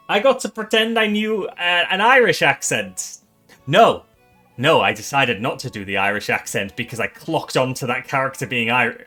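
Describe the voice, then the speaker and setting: A man hosting his own game awards on a live stream, excitable and swearing, often stumbling and restarting his sentences. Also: a little high.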